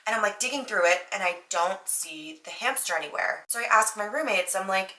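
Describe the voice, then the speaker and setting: A woman's voice: medium pitch, expressive, moderate pace, few pauses, pushed and bright. A young adult woman hosting a podcast, telling a story in a chatty way with lots of fillers and acted-out quotes. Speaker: podcast host. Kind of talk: casual storytelling monologue. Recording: echoey room.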